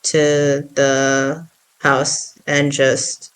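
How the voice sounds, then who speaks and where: A player in a tabletop game, talking casually, slowly and hesitantly as if thinking aloud. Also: medium pitch, completely flat delivery, a bit bright, clean tone, low-quality recording. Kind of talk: casual play.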